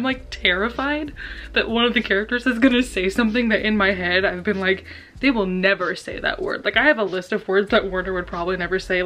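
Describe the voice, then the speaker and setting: A young woman book vlogger reacting while she reads, excitable and dramatic, with frequent laughter and gushing asides. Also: medium pitch. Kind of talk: casual reading reaction vlog.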